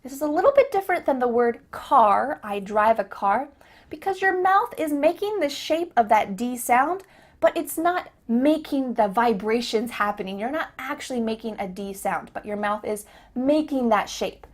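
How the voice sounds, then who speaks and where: High-voiced woman teaching English pronunciation. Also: lively intonation. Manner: upbeat, repeats phrases slowly for learners. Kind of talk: pronunciation lesson.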